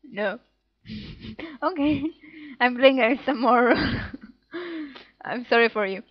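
Woman let's-player, higher voice, playful reading of game text, dull dry home mic. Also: slow, dry recording. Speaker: let's play gamer. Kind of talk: casual gameplay commentary reading dialogue aloud.

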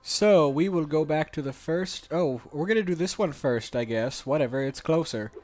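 A man's voice: a little high, moderate pace, darkish tone, soft background music. A man hosting a let's play, joking casually over his gameplay in a playful, slightly put-on British manner.

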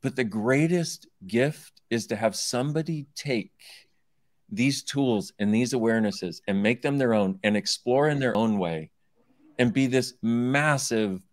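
A man's voice: mid-range voice, a little slow, no echo. Male guest, teasing yet sincere, mid-range voice, dead-dry recording. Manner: playful, warm-hearted, earnest gratitude. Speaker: guest speaker. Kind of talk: casual conversation.

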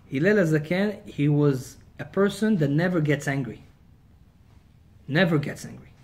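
Rabbi guy teaching a class, animated storytelling, kinda high voice. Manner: animated storyteller, swings between loud and quiet. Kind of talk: Torah lecture storytelling.

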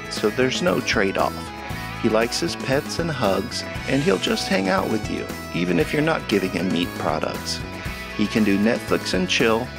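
Man, gravelly and animated; upbeat, playful shelter-adoption narrator. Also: fairly low pitch. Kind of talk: scripted narration for a pet adoption video. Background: background music.

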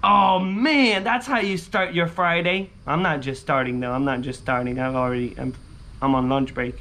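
At a normal speed, a young man chats through a scratch-off lottery vlog, full of excited commentary and repeated lines like "holy smokes" and "booyah." Winning tickets set off high shouts and sing-song yelling. A slight hiss or hum runs underneath.

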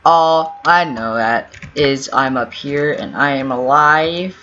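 Slow rambling guy narrating a game. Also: fairly high pitch, bright, forceful tone. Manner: rambling, self-talk, pleading and teasing. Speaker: gaming YouTuber. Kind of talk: casual gameplay commentary. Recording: dull lo-fi audio with faint game music. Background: keyboard typing and faint music.

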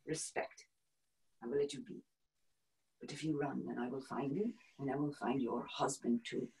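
A menacing, stern male officer, as a woman puts him on, issues threats in a raised voice. He then sinks into a cold, hushed whisper. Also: a little high, lively intonation, drawn-out words, distant mic, voice pushed up, exaggerated voice, rough recording.

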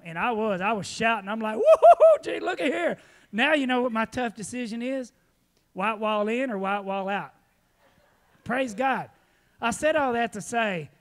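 A man preaching at a church, telling folksy stories with lively laughter, then giving announcements. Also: sits high. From Texas. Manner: folksy storytelling, animated, laughing often. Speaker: pastor.

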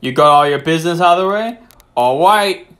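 A man's voice: on the high side, animated, a little fast, a bit bright. A man reading as a jovial shopkeeper dad with a shaky Southern drawl. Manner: weak try at a Southern drawl. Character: cheery middle-aged father, shop owner. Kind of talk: reading game dialogue aloud.

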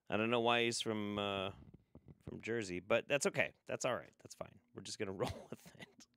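A man's voice: fairly low pitch, moderate pace, a bit bright, dry recording. A man hosting a casual livestream, sarcastic, swearing freely and laughing often. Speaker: livestream host.

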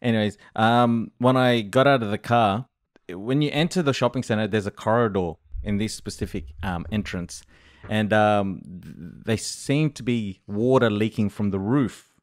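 A man's voice: lowish voice, normal speed, no room sound, clean studio sound. A man hosting a podcast, telling a story in casual chat with lots of fillers and bursts of laughter. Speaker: podcast host. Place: podcast studio.

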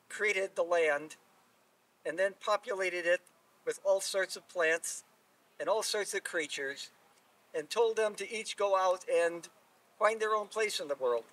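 A man telling a folk tale aloud in an unhurried, relaxed way. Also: sits high. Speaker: storyteller. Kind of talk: live oral storytelling. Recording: distant mic at live telling.

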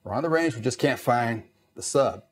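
A Navy veteran from East Los Angeles, USA, tells stories in an interview, acting out the dialogue and saying "you know" a lot. His voice is mid-range, slightly rough, at a moderate pace.

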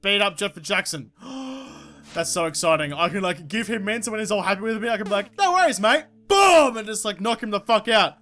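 A woman giving excitable, swear-filled let's-play commentary, talking to herself and the game. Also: mid-range voice, fast talker, hardly any pauses. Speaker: gaming YouTuber. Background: game music.

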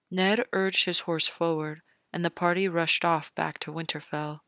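A narrator reading a fan fiction audiobook in a measured storytelling manner, close to the mic. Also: medium pitch, fairly even intonation, fairly bright tone, no room sound. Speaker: podfic narrator.

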